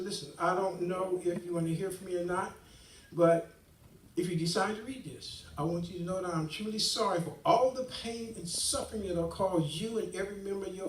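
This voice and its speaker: Man, 60s, church testimony, lively storyteller doing all the voices, heard from a distant mic in an echoey hall. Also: high voice, slight background noise. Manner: animated storyteller acting out quoted dialogue. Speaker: guest speaker giving testimony. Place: church hall, live stream.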